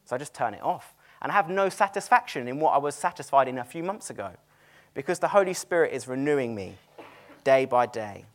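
A man preaching a sermon in a chatty, animated way, telling stories and laughing at them. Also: medium pitch, a little fast. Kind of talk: sermon with storytelling. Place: cinema used as a church venue.

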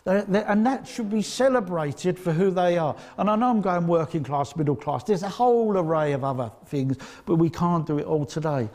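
Male preacher, Essex accent, slightly high voice, chatty and emphatic delivery that keeps checking in with the room. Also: normal speed, few pauses, a little mellow. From Essex, England. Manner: conversational, emphatic, checks in with the audience. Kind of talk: sermon.

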